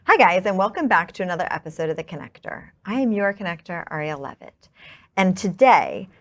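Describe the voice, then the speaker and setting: A woman's voice: on the low side, animated, fairly quick, fairly bright tone. A woman hosting a podcast, chatting in an upbeat, rambling way with fillers. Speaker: podcast host. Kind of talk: casual podcast chat.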